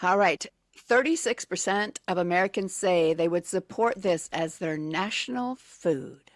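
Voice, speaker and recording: A woman's voice: on the low side, measured pace, no room sound. A woman co-hosting a morning radio show, playfully reading out trivia clues and giggling with her partner at a studio microphone.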